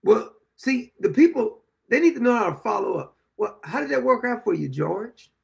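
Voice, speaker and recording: A man's voice: high voice, lively intonation, moderate pace, creaky. A man in his sixties hosting a political commentary show, ranting and mocking his targets with frequent laughter. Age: 60s.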